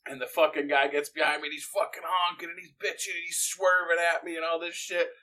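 Bright-voiced swearing man. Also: fairly high pitch, a little fast. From northeastern Pennsylvania. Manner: animated storyteller, swears constantly. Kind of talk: casual profane chat.

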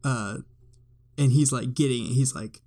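A man's voice: medium pitch, moderate pace, darkish tone. A man co-hosting a casual chat, musing loosely about a movie with some fillers.

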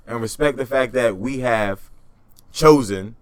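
A man in casual political chat with a co-host, joking loudly and swearing in slangy bursts. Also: mid-range voice, unhurried, no echo.

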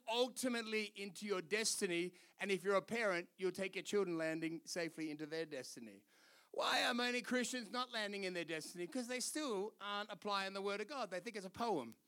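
Australian male pastor, sermon, high bright tone, animated storyteller. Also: clean tone. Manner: animated storytelling, laughing, doing voices.

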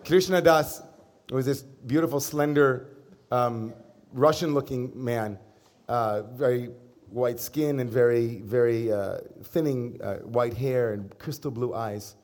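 A middle-aged man, a rabbi, giving a sermon in a conversational storytelling manner with gentle humor. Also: medium pitch, takes it slowly.

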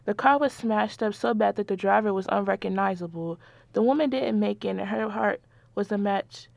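A woman's voice: medium pitch, moderate pace, creaky, dry recording, lightly acted. A woman playing a kind, concerned hospital nurse in a stage play. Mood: puzzled.

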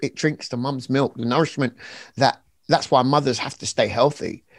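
A man, an author talking about praise and faith in an emphatic, animated preaching way. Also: mid-range voice, moderate pace, no room sound. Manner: animated, emphatic, acts out little scenes. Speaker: author and preacher being interviewed. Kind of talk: conversational preaching.

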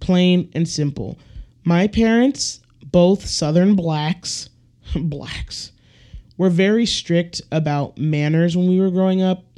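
A man's voice: sits high, takes it slowly, warm tone. Blunt, profane man ranting on a podcast. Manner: acts out quoted people with shifts in voice. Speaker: podcast host. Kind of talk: casual solo podcast rant.

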